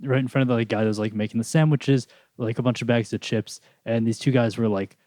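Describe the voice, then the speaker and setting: A man guesting on a comedy podcast, telling a quick, animated story. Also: mid-range voice, dry recording. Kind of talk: casual comedic banter.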